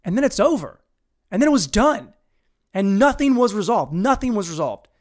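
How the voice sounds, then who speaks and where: Brief: man telling a comedic story, casual and profane, slightly high voice. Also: moderate pace. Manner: casual, profane, animated retelling.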